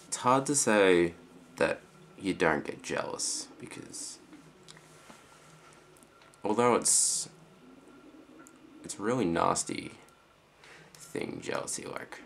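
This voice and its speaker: A teenage boy with an Australian accent, rambling casually in a vlog reply with lots of fillers and quiet trailing-off phrases. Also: low voice, sing-song, slow pace, vocal fry, long pauses, slight background noise. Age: teens. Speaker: student vlogger.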